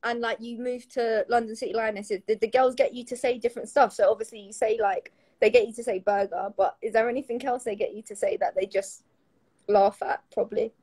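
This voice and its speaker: A woman's voice: on the high side, fairly even intonation, fairly quick, darkish tone, breathy edge. A woman hosting a casual interview chat on a livestream, friendly and asking follow-up questions. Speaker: host.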